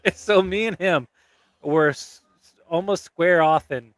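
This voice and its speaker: A man's voice: high voice, unhurried, no echo. A man hosting a podcast, telling a rambling, profane story in casual chat and laughing as he goes.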